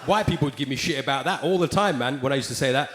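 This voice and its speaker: A man's voice: medium pitch, very fast, heavy background noise. A man with a London accent performing a live stand-up routine, swearing freely and acting out hecklers. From England. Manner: animated, swearing, acts out hecklers in raised voices. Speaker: stand-up comedian. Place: large live venue with audience. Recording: echoey live venue with crowd laughter.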